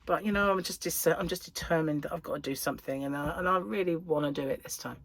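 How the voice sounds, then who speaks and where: A woman's voice: sits low, quick pace, no room sound. A middle-aged woman, chatting casually and rambling as a crochet vlogger, full of giggly asides. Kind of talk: casual chat.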